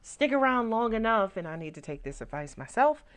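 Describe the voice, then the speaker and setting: A woman's voice: on the high side, sing-song, fairly quick, a bit bright. A woman giving a casual tarot reading, talking loosely and swearing freely, often tagging her lines with "right?" and acting out little storylines. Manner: acts out little storylines in put-on voices. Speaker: tarot reader.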